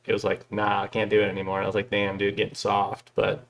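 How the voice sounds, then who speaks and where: A man's voice: lowish voice, completely flat delivery, fast, vocal fry, a bit bright, slight background noise. A young man co-hosting a podcast, joking in casual chat and slipping into quoted voices. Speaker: podcast co-host.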